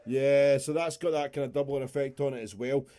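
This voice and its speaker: Man, music producer, live-stream tutorial, mellow tone, casual and rambling. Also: mid-range voice, fairly even intonation, fairly quick. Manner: casual, rambling, chatty with mild swearing.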